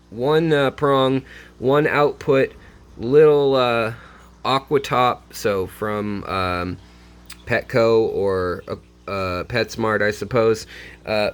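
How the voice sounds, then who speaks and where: A man hosting a casual hands-on tutorial from his home fish room, rambling with frequent fillers and self-corrections. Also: medium pitch. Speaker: aquarium hobbyist channel host.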